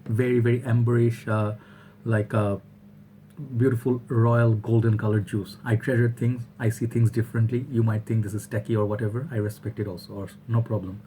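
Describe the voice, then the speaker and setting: Man, casual review vlog, rambling and chatty, flat even delivery, faint background noise. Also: lowish voice, brisk. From Bangladesh. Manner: chatty and rambling, often checks in with "all right?". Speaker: fragrance reviewer.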